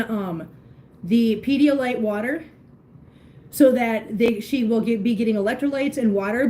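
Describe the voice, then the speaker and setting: A woman's voice: a little high, warm tone. Chatty woman cooing at her cats. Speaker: vlog host. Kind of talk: casual livestream chat. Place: home room with litter boxes. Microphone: phone. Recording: echoey room with faint noise.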